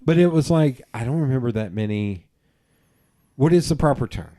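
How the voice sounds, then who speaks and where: A man hosting a podcast, telling stories in a casual, animated way, swearing freely and laughing at himself. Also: medium pitch, normal speed, dry recording, clean studio sound. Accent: regional accent he remarks on himself. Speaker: podcast host. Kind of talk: casual conversation.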